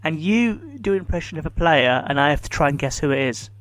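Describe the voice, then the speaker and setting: A man's voice: a little high, expressive, fast talker, fairly bright tone. A man hosting a comedy podcast in a casual chat, teasing his co-host and pushing him with questions.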